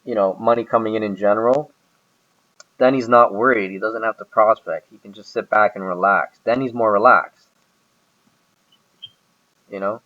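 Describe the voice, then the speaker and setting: Rambling low-voiced man, muffled recording. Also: fairly even intonation, moderate pace, long pauses. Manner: rambling, hesitant, full of ums and restarts. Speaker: employee describing his boss. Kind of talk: casual recorded conversation.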